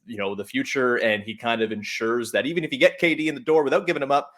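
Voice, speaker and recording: A man's voice: mid-range voice, steady tone, fast talker, fairly bright tone. A man hosting a sports podcast, chatting casually and joking, with upbeat ad reads. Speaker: podcast host. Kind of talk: casual sports chat and read ad.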